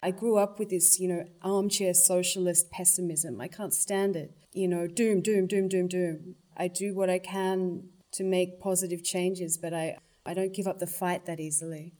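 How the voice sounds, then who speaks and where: A woman's voice: on the low side, level tone, moderate pace, few pauses, mellow. Earnest woman in her forties. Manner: thoughtful, earnest, politically articulate. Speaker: interviewee. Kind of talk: reflective personal interview.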